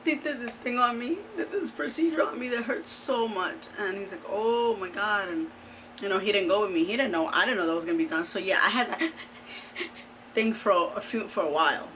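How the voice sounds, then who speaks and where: A woman in her thirties telling a personal story to her camera in a chatty, animated way, full of fillers and exclamations. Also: mid-range voice, moderate pace, a little hiss or hum, poor audio. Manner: chatty, animated, lots of "like" and "oh my God". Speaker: vlogger.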